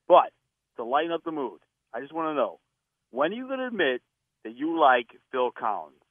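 A man's voice: fairly high pitch, very animated, normal speed, no echo. A man calling in to a radio talk show in a friendly, teasing way. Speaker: caller. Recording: tinny phone line.

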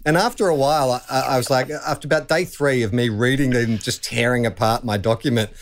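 A man's voice: medium pitch, steady tone, fairly quick. An Australian man hosting a podcast in casual chat, often laughing and acting out quoted remarks. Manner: chatty, laughing, acts out quotes in a raised voice. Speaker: podcast host.

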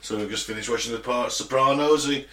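Bright, sweary British podcast man. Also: medium pitch, a little fast. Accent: British English. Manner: sweary, joking, laughs often. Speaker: podcast co-host. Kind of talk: casual banter, reading listener locations. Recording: roomy echo.

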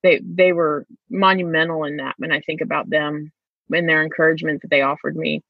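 A woman, a former student, talking in a casual interview, reflective and quick to laugh as she tells stories. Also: low voice, level tone, gravelly, dry recording. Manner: reflective, laughs often while telling stories. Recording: dull lo-fi sound.

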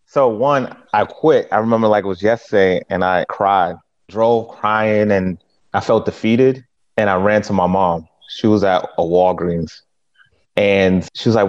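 A man from the Boston area recounts his path into real estate in a relaxed interview. He talks with emphatic, animated energy, pushing his voice up high on the punchlines. The sound is dull and slightly lo-fi. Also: normal speed. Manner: animated, emphatic storyteller with laughs. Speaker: guest, real estate agent. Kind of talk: casual interview storytelling.

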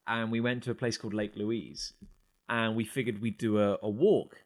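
A man's voice: lowish voice, moderate pace. A man co-hosting a podcast, chatting casually and telling travel stories with frequent laughter. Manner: storytelling, animated, laughs often. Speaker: podcast co-host. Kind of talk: casual chat.

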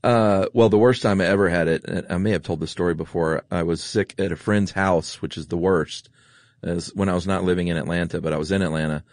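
Male co-host, very low voice, dry close sound, easygoing joker. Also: steady tone, a little fast, a little mellow, no room sound. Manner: laid-back, jokey storyteller. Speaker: podcast co-host. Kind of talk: casual conversational chat.

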